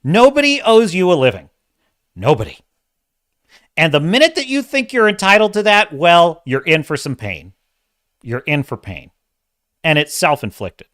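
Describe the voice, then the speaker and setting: A man's voice: on the high side, sing-song, moderate pace, pauses often, fairly bright tone, no echo, studio quality. A man hosting a casual commentary show, ranting in an emphatic, exasperated way. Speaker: host.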